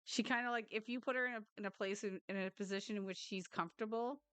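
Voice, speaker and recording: A woman's voice: mid-range voice, fairly even intonation, fast, fairly bright tone, clear, resonant tone, dry recording. A woman chatting casually on a live stream, playfully cooing at her cats close to the mic.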